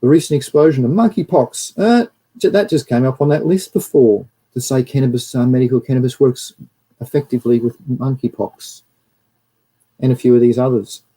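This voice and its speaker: A man's voice: mid-range voice, a little fast, dark tone, husky, rough recording. An Australian man hosting a livestream and giving a casual, rambling talk over slides while greeting viewers. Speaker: livestream host.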